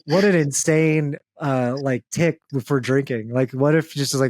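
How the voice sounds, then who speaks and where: A man's voice: medium pitch, measured pace, few pauses, a little mellow, dry recording, studio quality. A man from the American South co-hosting a casual comedy chat, joking and self-deprecating, laughing often. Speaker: podcast co-host.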